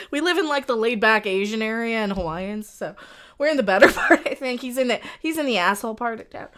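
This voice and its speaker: A woman's voice: fairly high pitch, expressive, fairly quick, a bit bright. A woman hosting a livestream, chatting in a giggly, gossipy, rambling way. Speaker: streamer host. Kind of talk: casual chat on a livestream.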